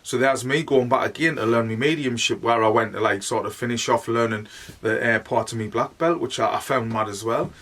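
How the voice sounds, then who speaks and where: A man's voice: medium pitch, a little fast, a bit bright, distant mic. Chatty Northeast English man. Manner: rambling, chatty, full of "like". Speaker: medium. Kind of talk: casual storytelling monologue.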